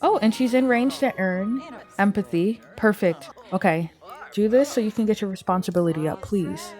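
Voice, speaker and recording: A woman's voice: mid-range voice, moderate pace, a little mellow, soft background music. Chatty young woman narrating gameplay. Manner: chatty, voices her characters' thoughts. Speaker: gameplay streamer. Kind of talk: casual let's-play commentary.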